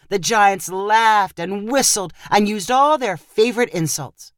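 A woman narrating a short story in an expressive storytelling manner. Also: mid-range voice, a little slow, few pauses, no echo, studio quality.

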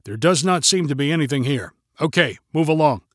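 A man's voice: a little high, lively intonation, a little fast, a bit bright, dry recording, clean studio sound. A man voicing a stern, stiff male stormtrooper guard who speaks in clipped official commands.

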